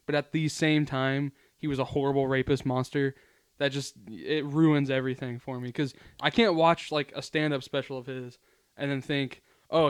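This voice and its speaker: A man's voice: mid-range voice, smooth, no room sound. A man hosting a casual podcast with friends, joking and laughing often. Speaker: podcast host. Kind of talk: casual chat.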